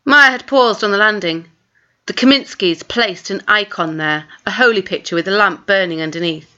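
A woman narrating a children's novel in a lively, expressive reading voice. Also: medium pitch, moderate pace. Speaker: audiobook narrator. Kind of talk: storybook reading. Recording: dull lo-fi recording.

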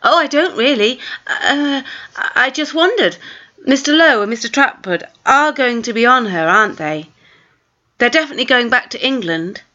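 A woman voicing a frightened young girl who pleads in a high, breathless, tearful voice. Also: lively intonation, moderate pace, bright, forceful tone, muffled recording. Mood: flustered.

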